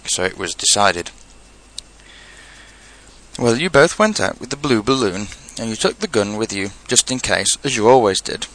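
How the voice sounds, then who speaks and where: A man reading a children's storybook aloud, narrating in an unhurried way with quiet asides. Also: on the low side, lively intonation, low-quality recording.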